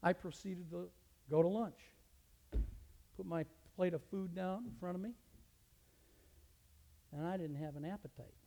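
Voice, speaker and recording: A man, a teacher, telling a personal story as a testimony, animated and with his voice rising sharply in the retold scenes. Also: high voice, unhurried, creaky, long pauses, a little hiss or hum. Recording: long reverb of a large hall.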